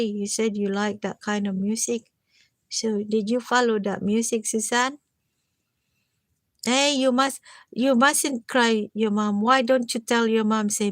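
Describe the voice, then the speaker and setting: Tired high-voiced woman, slow and coaxing. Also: steady tone, no echo. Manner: gentle, coaxing, repeatedly addressing a listener by name; chatty and self-mocking, with frequent laughs. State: tired from lack of sleep. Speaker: livestreamer. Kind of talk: casual live-stream chat.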